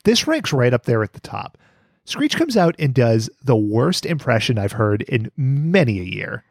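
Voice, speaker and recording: A man's voice: medium pitch, very animated, moderate pace, vocal fry, no room sound, clean studio sound. A man hosting a podcast in casual chat, swearing and laughing often. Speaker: podcast host.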